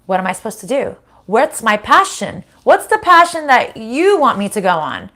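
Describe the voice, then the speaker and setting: A woman's voice: mid-range voice, lively intonation, moderate pace, a bit bright. A woman from the United States gives a casual spiritual card reading into a desk microphone. She is blunt and swears freely, and she breaks into laughter often. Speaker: tarot reader.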